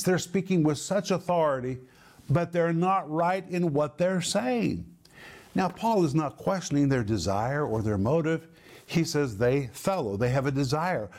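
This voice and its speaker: A middle-aged man preaching a sermon, teaching word meanings with emphatic, drawn-out stresses. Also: fairly high pitch, darkish tone. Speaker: pastor, Bible teacher.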